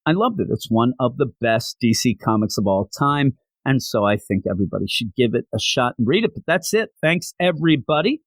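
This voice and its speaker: A man's voice: mid-range voice, sing-song, brisk, slightly rough, no echo. A man hosting a podcast, recapping a comic book in an enthusiastic, rambling way. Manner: enthusiastic, rambling, with many fillers. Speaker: podcast host.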